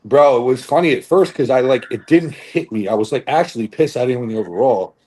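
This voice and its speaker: A man's voice: medium pitch, brisk, warm tone, slightly rough. A young man on a podcast telling a long story in a casual, rambling way, with lots of fillers and swearing. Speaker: podcast co-host, bodybuilder. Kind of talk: casual chat.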